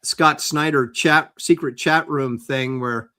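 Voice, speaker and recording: A comic book artist chatting casually on a livestream, hesitant and often searching for words. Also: male voice, on the high side, fairly even intonation, slow, sharp tone.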